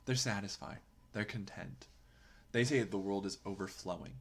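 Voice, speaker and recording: A man's voice: fairly low pitch, normal speed, fairly bright tone. A man hosting a poetry podcast, giving earnest, emphatic commentary and often asking a rhetorical "right?". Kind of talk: reflective commentary on a poem.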